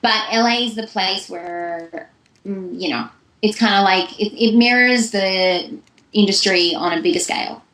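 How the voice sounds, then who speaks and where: A woman's voice: mid-range voice, a little slow, a bit bright, roomy sound, low-quality recording. A young woman, a voice actress, giving chatty, long-winded answers in a casual interview. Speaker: voice actress guest.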